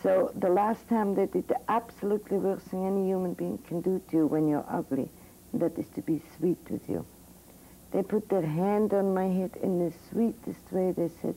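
In a fairly low, mellow voice with vocal fry at a normal speed, this older Swiss psychiatrist gives medical students a frank, vivid lecture built around her own story. The 1982 audio is poor and faintly hissy.

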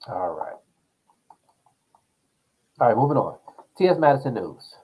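A young man hosting his own talk show, rambling through news and stories in a casual, animated monologue. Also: mid-range voice, unhurried, husky, low-quality recording. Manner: rambling, animated storytelling with laughs.

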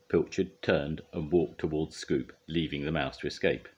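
An older man reading a children's storybook aloud in a gentle, expressive way. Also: extremely low pitch, moderate pace, few pauses, husky.

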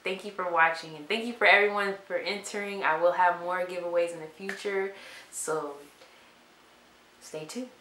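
A young woman vlogger talking softly and from the heart, in a casual chat to camera. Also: on the low side, steady tone, normal speed. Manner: soft-spoken and heartfelt. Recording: echoey room with faint hiss.

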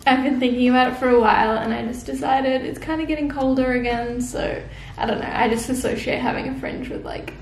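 A young woman talking to camera in a soft, heartfelt, casual way, full of "like" fillers. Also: high-pitched, steady tone, a little fast, few pauses. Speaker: vlogger. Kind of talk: casual reflective chat to camera. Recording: roomy with faint background hiss.

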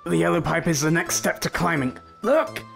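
Gravelly, excitable gaming commentator man. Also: a little high, moderate pace, faint music behind. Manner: excitable, swearing mock-threats. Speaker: gaming YouTuber. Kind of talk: casual gameplay commentary.

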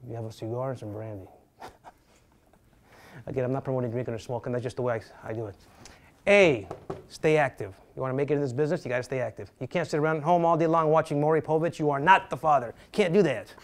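In a mid-range voice, a middle-aged man runs a real estate class as a lively, dramatic lecture. He acts out panicking agents and jokes with the people he's teaching.

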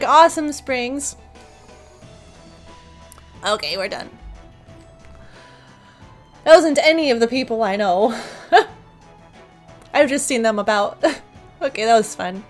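A woman's voice: fairly high pitch, expressive, takes it slowly, pauses often, soft background music. A woman giving casual gameplay commentary in a giggly, playful way, laughing often. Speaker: let's play host.

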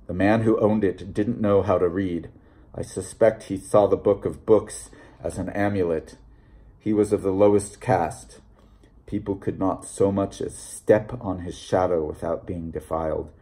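A man voicing a secretive Scottish Presbyterian bible peddler in a low, hushed, confiding voice, read as an audiobook. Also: a little slow, close to an everyday voice. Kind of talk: audiobook reading.

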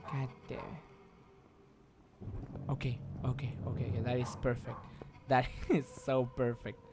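A male streamer narrates his horror gameplay to himself, stacking repeated words and casual swearing as he works through each move. His voice sits at an everyday middle pitch. There is noticeable noise in the stream recording. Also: level tone, a little slow. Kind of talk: live gameplay commentary.

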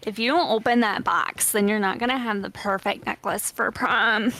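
A woman's voice: mid-range voice, fairly even intonation, moderate pace, bright, forceful tone. A woman doing a gushing valley girl. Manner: drawling, peppered with 'like'. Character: chatty young valley girl.

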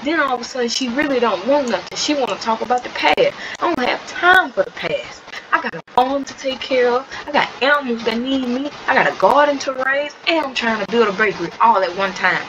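A woman doing a sharp-tongued young farmer woman. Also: fairly high pitch, lightly acted. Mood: indignant. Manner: snappy, dismissive, quick comebacks. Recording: slightly dull recording with steady background noise.

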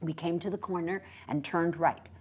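A woman reading a short story aloud with expressive, brisk narration. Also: on the low side, slight background noise. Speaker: reader.

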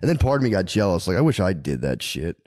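A man in his thirties co-hosting a podcast, telling profane stories in casual chat and slipping into quick impressions of the people he quotes. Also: sits low, sing-song, darkish tone, no room sound, clean studio sound. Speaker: podcast co-host.

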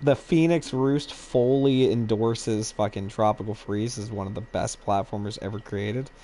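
A man co-hosting a casual gaming chat, swearing freely, excitable and laughing often. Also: lowish voice, moderate pace, slight background noise. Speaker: co-host.

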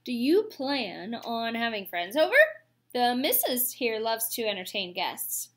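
A woman's voice: fairly high pitch, very animated, unhurried. A woman voicing a stubborn, grumbling male beaver, a father of the family. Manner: gruff, grumbling.

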